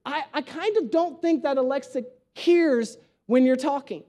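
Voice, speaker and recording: High-voiced young man preaching with humor. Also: unhurried. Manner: animated, joking storyteller. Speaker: pastor. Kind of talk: conversational sermon.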